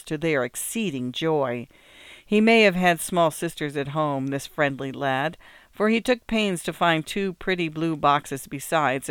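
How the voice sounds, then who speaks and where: A man narrating an old-fashioned storybook in a gentle, even, unhurried reading voice. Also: on the high side, smooth, no echo, clean studio sound. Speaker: audiobook narrator.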